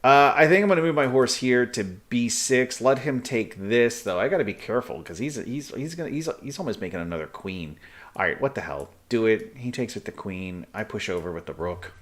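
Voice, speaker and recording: A man streaming live chess, thinking aloud in halting, muttered bursts as he calculates moves. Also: medium pitch, animated, fairly bright tone.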